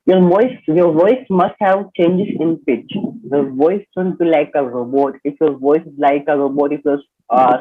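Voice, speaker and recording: Man teaching over a tinny call line. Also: on the high side. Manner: explanatory, checks in often with "okay?". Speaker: instructor. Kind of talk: online personality development class. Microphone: video call. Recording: tinny phone-like online call audio.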